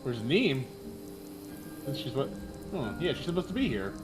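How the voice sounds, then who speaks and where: A man's voice: medium pitch, sing-song, unhurried, over music. A man playing a tabletop game, speaking offhand and casually. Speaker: player. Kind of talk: tabletop role-play.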